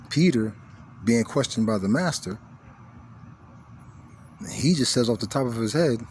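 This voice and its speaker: A man giving a spiritual teaching monologue, repeating key phrases and swinging between hushed lines and forceful emphasis. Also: medium pitch, lively intonation, a little slow, a little hiss or hum.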